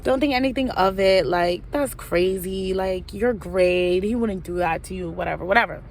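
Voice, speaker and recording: A woman's voice: medium pitch, moderate pace, a little hiss or hum, close to an everyday voice. A woman voicing her teenage girlfriend in a storytime vlog, speaking in a casual, filler-heavy way. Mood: breezy reassuring. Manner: casually reassuring, filler-laden. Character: teen girl friend, breezy and dismissive.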